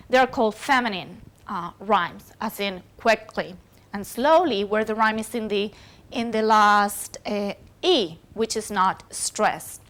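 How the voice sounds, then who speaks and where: Slow, hesitant woman lecturing. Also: on the high side, fairly bright tone. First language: Spanish. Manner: hesitant, many fillers and self-corrections. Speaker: university lecturer. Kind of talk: recorded lecture.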